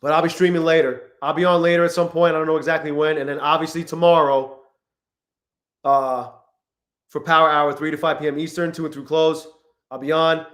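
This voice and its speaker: Excitable swearing man on a live stream. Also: fairly high pitch, a little fast, roomy sound. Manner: excitable, swears a lot, greets chat. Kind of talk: casual live-stream commentary.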